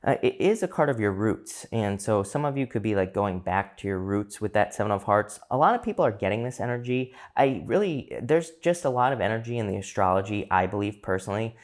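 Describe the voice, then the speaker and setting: A man's voice: fairly low pitch, animated, a little fast, hardly any pauses. A man giving a casual tarot card reading to his viewers, chatty and loose, with fillers and restarts. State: hiccups. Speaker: tarot reader.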